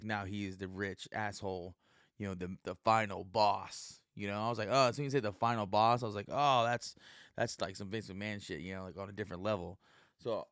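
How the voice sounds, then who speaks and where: Low, smooth-voiced man rambling casually. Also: a bit bright, dry recording, clean studio sound. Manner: rambling and profane, heavy with fillers. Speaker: podcast host and stand-up comic. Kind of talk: casual solo podcast monologue.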